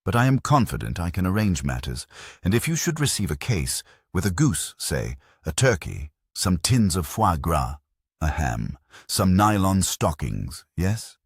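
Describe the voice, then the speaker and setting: A sly, oily old gentleman purrs flowery hints and favours, as a narrator puts him on. The voice rises high for him but keeps a husky, deep grain, recorded dry. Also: big pitch swings, a little slow, dry recording, full character voice. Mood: conspiratorial. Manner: florid, whispering, conspiratorial. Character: sly foreign old man, theatrical and oily.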